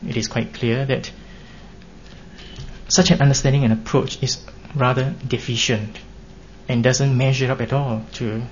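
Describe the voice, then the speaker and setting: A man preaching a sermon in an earnest, measured way, pressing his points with emphatic rises. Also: medium pitch. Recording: dull lo-fi recording with faint hiss.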